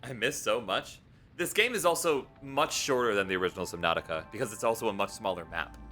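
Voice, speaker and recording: A young male streamer talks casually while he plays, reading chat out loud and reassuring his viewers. His voice sits low but has a crisp, forceful brightness. Faint game music plays underneath. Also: lively intonation, fast talker. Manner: chatty, reads chat aloud, encouraging.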